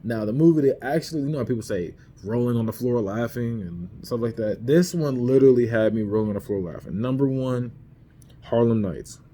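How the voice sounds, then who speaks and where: Laid-back slangy man with a mellow voice. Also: medium pitch, lively intonation, a little fast. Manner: slangy, laughs while retelling scenes. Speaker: podcast host reviewing movies. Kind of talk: casual movie ranking chat. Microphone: camera mic.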